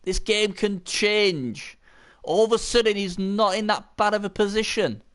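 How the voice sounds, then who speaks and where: A man giving casual, chatty live commentary on a video game match, bursting into shouts at big plays and swearing now and then. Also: high-pitched, unhurried.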